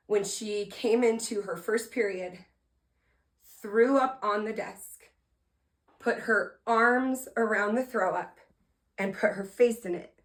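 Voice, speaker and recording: A woman podcast host telling a story from her talk to students in an energetic motivational style, with sudden loud emphasis, soft earnest asides and direct questions to her listeners. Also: medium pitch. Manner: talks to listeners directly, asking them to respond.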